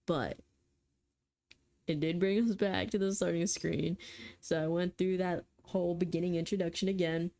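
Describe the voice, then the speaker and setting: A young woman with a fairly low voice reads a game's story text aloud. Between passages she breaks off into casual, flustered, joking remarks about what is happening. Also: fairly even intonation, normal speed, dark tone. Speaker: gaming YouTuber. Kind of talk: reading a text game aloud with casual commentary.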